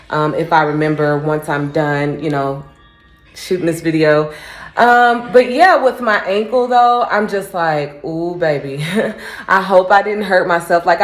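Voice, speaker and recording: Low-voiced woman vlogging in an echoey room. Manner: reflective, candid, frequent fillers. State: just back from a run. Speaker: vlogger training for a first half marathon. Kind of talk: casual chatty vlog.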